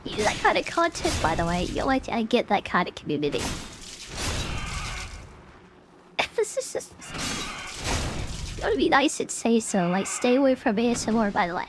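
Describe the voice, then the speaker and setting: A woman's voice: on the high side, big pitch swings, fast talker, few pauses, background noise. A woman streamer giving chatty, casual commentary while playing a game and talking to her chat. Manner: chatty, filler-heavy, talks to chat.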